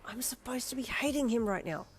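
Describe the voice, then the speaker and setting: A woman's voice: medium pitch, moderate pace, vocal fry, close to an everyday voice. A woman voicing a feisty, flustered young woman in a fan-fiction audio story, talking back defensively. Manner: defensive, snappy.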